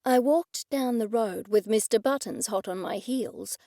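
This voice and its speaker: A woman narrating a first-person audiobook in a wry, measured storytelling manner. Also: fairly high pitch, mellow, no echo, clean studio sound.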